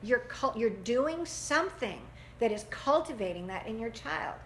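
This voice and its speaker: A woman gives an animated parenting talk to a class, acting out the people she quotes. Her voice sits a little higher than most women's. The room is echoey, with a faint hum of ambience behind her. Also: normal speed. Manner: animated, acts out quotes in voices, laughs often. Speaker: parenting teacher.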